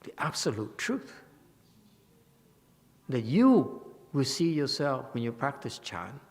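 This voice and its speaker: A man with a Vietnamese-accented English giving a Buddhist retreat lecture, halting and repeating words, often checking with "okay?". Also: mid-range voice, very animated, darkish tone. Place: temple hall. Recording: long reverb of a hall.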